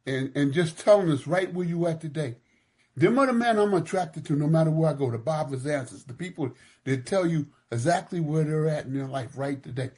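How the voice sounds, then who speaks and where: Man, husky voice, emphatic, heartfelt, meeting participant. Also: fairly high pitch, darkish tone.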